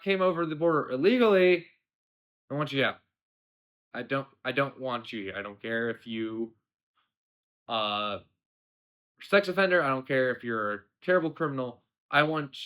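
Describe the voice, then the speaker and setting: Bright-voiced rambling young American man. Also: mid-range voice. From United States. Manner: rambling, goes off on tangents. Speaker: podcast host. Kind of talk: casual political commentary.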